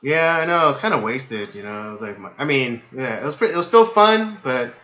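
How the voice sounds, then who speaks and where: A hoarse man hosting a casual livestream podcast, rambling with lots of fillers. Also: medium pitch, lively intonation, fairly quick, sharp tone, echoey room, lo-fi sound. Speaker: podcast host.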